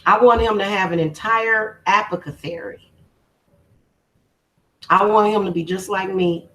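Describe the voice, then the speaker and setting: A woman's voice: mid-range voice, fairly even intonation, a little slow, fairly bright tone, rough recording. A woman hosting a spiritual channel, talking casually on a livestream in a heartfelt, emotional, informal way.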